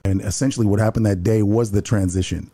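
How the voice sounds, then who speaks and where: Fast-talking husky-voiced man telling a story. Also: fairly low pitch, steady tone, dark tone. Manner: rapid, earnest, repeats words when starting sentences. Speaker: building security guard. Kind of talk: storytelling in a conversation.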